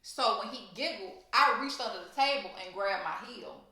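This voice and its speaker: A young woman from Louisiana with a Louisiana accent, telling a profane, animated storytime vlog. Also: mid-range voice, moderate pace, heavy reverb. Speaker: storytime vlogger.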